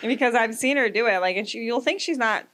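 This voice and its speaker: Slightly high and a bit bright, a woman in her thirties hosts a podcast at a quick pace, with slight background noise. She spins loose, profane stories in casual conversation, frequently performing the quoted lines.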